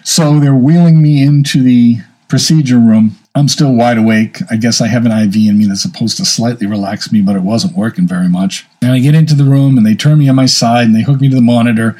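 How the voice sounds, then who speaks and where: A man's voice: medium pitch, fairly quick, few pauses, warm tone, poor audio. A man in his fifties talking candidly and casually, telling a personal story and giving advice. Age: 50s. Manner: candid, storytelling, self-deprecating. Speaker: speaker sharing health advice.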